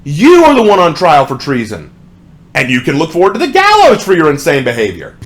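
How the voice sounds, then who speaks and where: A man's voice: a little high, huge pitch swings, fairly quick. A young adult man ranting sarcastically as a song reviewer, with exasperated commentary.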